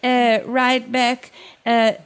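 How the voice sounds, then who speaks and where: Woman with a pretty high voice, giggly, stops and starts. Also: level tone, drawn-out words, smooth. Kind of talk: casual chat.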